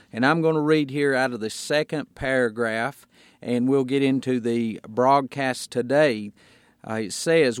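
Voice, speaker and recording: A male pastor delivers a radio sermon in an unhurried, teaching way. He slows down and leans on individual words to drive his point home. His mid-range voice sounds dry and close, with no room around it. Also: medium pitch, no echo. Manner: deliberate, stresses single words.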